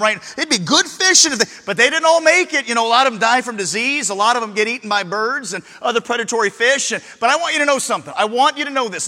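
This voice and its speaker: A man preaching a sermon in a church, swinging from shouts to hushed near-whispers. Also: very high voice. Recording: long reverb in a large hall.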